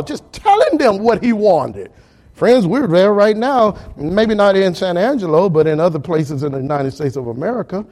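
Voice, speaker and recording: A man delivers a sermon with animated energy. His voice sits high and moves widely up and down. He addresses the congregation directly. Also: moderate pace, rough recording. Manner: animated preaching, talks straight to the congregation. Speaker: pastor.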